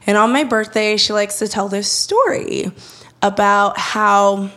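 Speaking at a measured pace in a mid-range voice, a young woman chats through a personal story. She laughs a lot and performs the quoted lines in animated voices.

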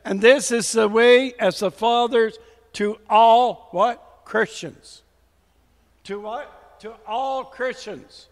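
High-voiced preacher man, slow and exhorting. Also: big-room sound. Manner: exhorting, repeats "come on" to rouse the congregation; reads scripture aloud with emphasis. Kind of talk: sermon.

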